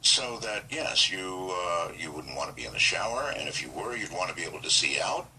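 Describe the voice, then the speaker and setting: A man hosting a call-in radio show, making measured, deliberate remarks and taking callers. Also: low-pitched, big pitch swings, pushed and bright, distant mic, slight background noise, rough recording. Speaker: radio talk show host. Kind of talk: late-night call-in radio talk.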